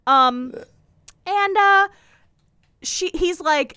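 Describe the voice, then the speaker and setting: A woman's voice: a little high, slow pace, bright, forceful tone, clear, resonant tone, no echo, clean studio sound. A woman co-hosting a casual podcast, recapping a TV show and acting out the characters' lines with lots of laughter. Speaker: podcast co-host.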